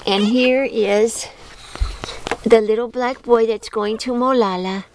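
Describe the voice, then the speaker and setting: A woman's voice: a little high, steady tone, slow pace, darkish tone. A woman narrating a casual home video, filmed with a handheld camera, talking doting baby talk to puppies. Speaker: dog owner filming her litter.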